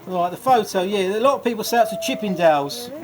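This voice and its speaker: A man delivers a rambling best man's speech at a wedding reception, cracking jokes and laughing as he goes. His voice sits high. Loud background noise runs under the whole speech. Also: lively intonation, fast talker, a loud crowd. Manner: jokey, rambling, often laughing.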